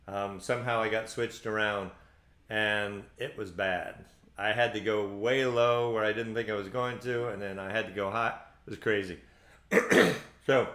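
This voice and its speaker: In a roomy recording, a fairly low-voiced man from Central Florida runs a ukulele play-along show. Between songs he chats casually and rambles, dropping many ums and uhs.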